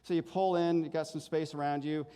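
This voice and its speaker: A man preaching a conversational sermon as pastor, casual and often checking in with the congregation, animated when telling stories. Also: on the high side, brisk, clear, resonant tone. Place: church sanctuary. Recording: long hall reverb in a church.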